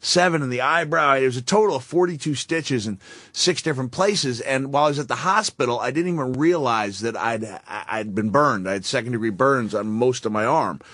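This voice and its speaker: A man's voice: medium pitch, a little fast, fairly bright tone, no room sound. A man telling self-deprecating stories with a chuckle as a guest on a talk show. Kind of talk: casual storytelling.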